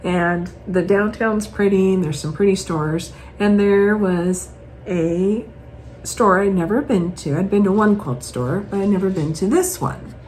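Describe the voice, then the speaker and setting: A woman chatting casually at home as host, showing off her purchases in a rambling, animated way. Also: mid-range voice, a little slow, slight background noise, low-quality recording.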